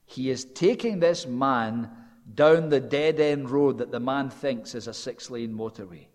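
Man preaching in a reverberant hall. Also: measured pace. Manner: animated storytelling, dropping low and quiet for quoted speech. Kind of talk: sermon.

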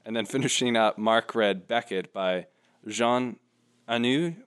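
A man's voice: medium pitch, measured pace, fairly bright tone, clear, resonant tone. A man leading a podcast episode, recapping it with teasing, mock-grand praise for his co-hosts. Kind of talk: casual podcast chat.

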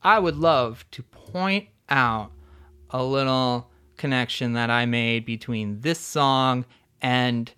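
A man co-hosting a music podcast in relaxed, jokey conversation. He talks slowly and unhurriedly. His voice is smooth and clear, and his pitch sits in a middle range. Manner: relaxed, jokey, enthusiastic about bands. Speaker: podcast co-host. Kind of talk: casual music chat.

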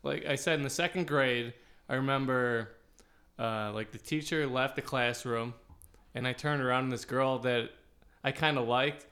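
A man co-hosts an improv podcast in a middle-pitched voice. He chats in a relaxed, halting way, recalling school days. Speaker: podcast co-host. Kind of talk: casual chat.

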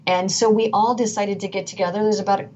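A woman's voice: mid-range voice, steady tone, quick pace, a little mellow. A middle-aged woman, a guest, telling her story earnestly and emphatically, often restarting and repeating phrases. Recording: dull lo-fi sound with faint noise.

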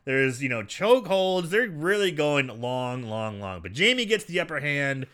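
Man, casual podcast chat, movie recap, high voice, very animated, laughs often. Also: moderate pace. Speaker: podcast co-host.

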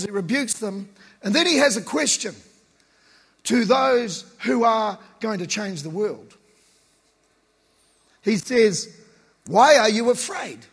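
A man with a high, slightly husky voice preaches in a loose, conversational way, full of slang. His voice rings out with the long reverb of a large hall. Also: a bit bright. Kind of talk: casual sermon.

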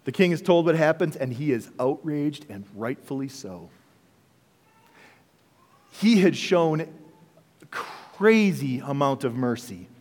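A male pastor preaching a sermon, animated and full of rhetorical questions to the congregation. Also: a little high, takes it slowly, long pauses. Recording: long reverb of a large hall.

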